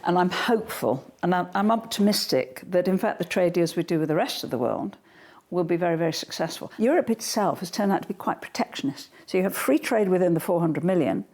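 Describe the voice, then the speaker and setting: A woman's voice: on the low side, lively intonation, brisk, darkish tone. An older woman being interviewed at home, talking in a forthright, blunt, straight-talking manner. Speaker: guest. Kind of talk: political interview.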